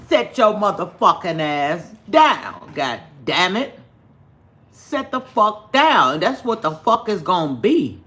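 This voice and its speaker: A man's voice: fairly high pitch, bright, forceful tone. A man giving blunt, heated livestream commentary, swearing constantly as he rants. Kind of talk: profane ranting commentary.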